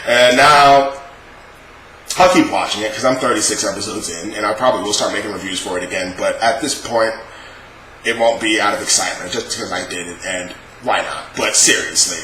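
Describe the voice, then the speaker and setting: A man's voice: on the low side, fairly quick, pushed and bright, a little hiss or hum. A young man in a casual, profane rant, reviewing a show with exasperated sarcasm. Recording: echoey room.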